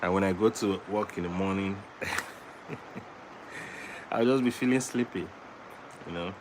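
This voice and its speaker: A man vlogging at home with his baby son, switching between slow casual talk and high cooing baby talk and singing. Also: noisy background.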